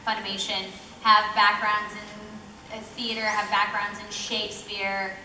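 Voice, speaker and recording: Chatty bright-voiced woman in an echoey hall. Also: mid-range voice, measured pace, far from the mic, slight background noise. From Texas. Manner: chatty and animated, many fillers. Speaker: voice actress panel guest. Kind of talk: convention panel Q&A. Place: convention panel hall. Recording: echoey hall with faint ambience.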